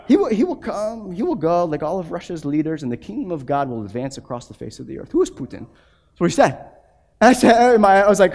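A pastor in his thirties preaches a sermon with animation and a brisk pace, frequently repeating words and acting out quotations. His voice sits high.

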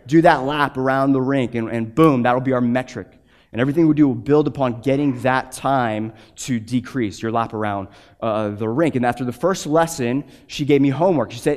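A young man preaching a sermon, telling a story with animated energy and frequent restarts. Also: medium pitch, moderate pace. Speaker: pastor.

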